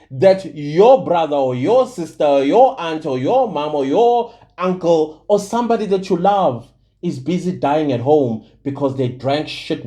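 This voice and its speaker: A South African man with a fairly high pitch and dark tone hosts his own channel. Speaking to camera, he delivers heated, preachy commentary and repeats points for emphasis.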